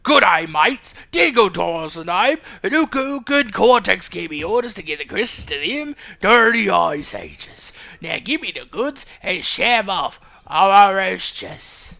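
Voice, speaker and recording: A man voicing a scheming male dingo henchman in a drawling Australian accent, slow and menacing. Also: high voice, big pitch swings, gravelly, bright, forceful tone, heavily acted. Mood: threatening.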